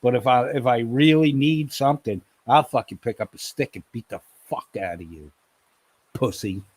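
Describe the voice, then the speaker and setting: A man's voice: mid-range voice, moderate pace, darkish tone, dry recording. Profane ranting male stream host. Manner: profane, scolding, repeats the other's name. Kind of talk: heated live-stream rant.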